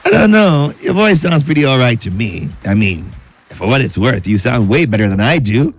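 A man's voice: mid-range voice, very animated, normal speed, slight background noise. A man with a Nigerian accent hosting a midday radio show, joking with listeners and reading out their messages. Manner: playful, joking, reads listener messages aloud. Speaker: radio host. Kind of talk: lively radio chat. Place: radio studio.

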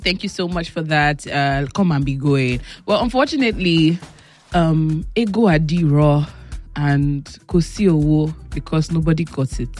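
A woman's voice: sits low, a little mellow. A Nigerian woman hosting a radio show, bantering playfully with co-hosts and laughing often. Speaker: radio host. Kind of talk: casual on-air banter. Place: radio studio.

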